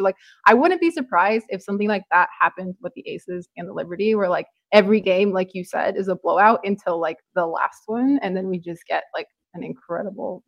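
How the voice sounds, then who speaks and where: A woman's voice: medium pitch, gravelly, no room sound. A young woman from Toronto co-hosting a podcast, chatting casually with lots of "like" and "um". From Toronto, Canada. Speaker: podcast co-host. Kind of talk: casual sports chat.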